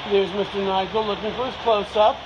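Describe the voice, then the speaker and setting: A man's voice: high voice, fairly even intonation, fairly quick. A middle-aged man volunteering at a shelter, chatting playfully and joking about himself on a phone video tour. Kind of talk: casual live-stream tour chat. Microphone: handheld phone camera. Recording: phone video with clear background noise.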